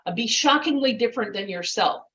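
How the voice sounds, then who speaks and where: A woman's voice: fairly high pitch, expressive, a little fast, fairly bright tone, lo-fi sound. A vivacious woman presenting a speech contest workshop, acting out little voices and laughs as she explains. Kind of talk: online workshop talk.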